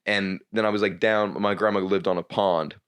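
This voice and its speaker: A man's voice: on the low side, fairly even intonation, normal speed, a bit bright, clear, resonant tone. A man, a comedian, telling a long story on a podcast in a rambling, casual way, with many restarts and frequent swearing. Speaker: comedian guest.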